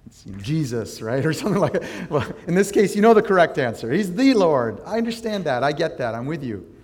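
A man's voice: fairly high pitch, sing-song, fast talker, long reverb tail. A man preaching a sermon as pastor, teaching in a conversational way, praying and putting questions to his listeners.

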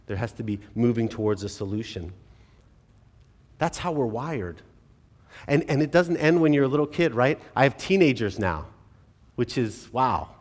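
A man in his forties preaches from the pulpit in a slightly high voice, talking to his congregation as if in conversation. He moves between lively, louder passages and soft, hushed ones. The sound carries the long reverb of a church hall. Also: brisk. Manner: earnest, conversational, shifts from animated to hushed. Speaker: pastor. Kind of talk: sermon. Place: church sanctuary.

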